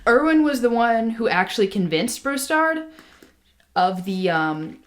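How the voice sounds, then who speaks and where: A woman's voice: on the high side, lively intonation, a little slow. A woman co-hosting a casual podcast, telling a history story with many ums and restarts. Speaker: podcast co-host.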